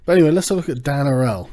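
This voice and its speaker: A man hosting his own channel in a casual livestream, ranting with a profane, sarcastic, animated manner. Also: on the high side. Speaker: channel host.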